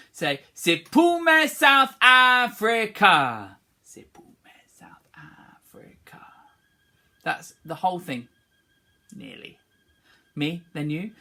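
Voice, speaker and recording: Music teacher, singing lesson for kids, encouraging, slow and clear, bright tone. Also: medium pitch. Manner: encouraging, demonstrates and calls back phrases. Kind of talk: online singing lesson for schoolchildren.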